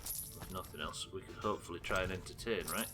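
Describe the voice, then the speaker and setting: A man's voice: deep voice, fairly even intonation, quick pace. Sweary man streaming a game. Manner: sweary, joking, self-deprecating. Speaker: gaming streamer. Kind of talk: live gameplay commentary and chat. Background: game music and sounds.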